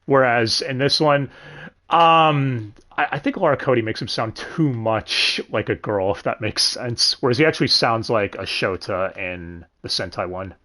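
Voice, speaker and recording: A man's voice: medium pitch, normal speed, bright, forceful tone. A young man hosting a livestream, rambling casually about dubs, swearing and correcting himself as he goes. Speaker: stream host.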